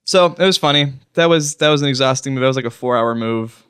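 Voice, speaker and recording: A man's voice: medium pitch, fast, fairly bright tone, smooth, no room sound, clean studio sound. A man co-hosting a podcast, telling a story in a rambling way and often breaking off to restart or laugh. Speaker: podcast co-host. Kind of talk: casual chat, storytelling.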